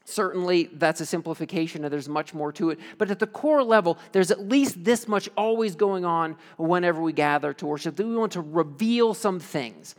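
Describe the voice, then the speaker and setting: A man preaching a sermon as pastor, casual and animated, telling stories with lots of fillers. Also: sits high, normal speed, hardly any pauses. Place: church sanctuary. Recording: long reverb of a church hall.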